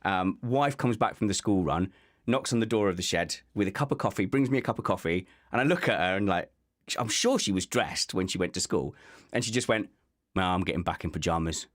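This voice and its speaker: A man's voice: fairly low pitch, lively intonation, a little fast. A man hosting a casual podcast, telling rambling, jokey stories. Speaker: podcast host. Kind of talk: casual chat.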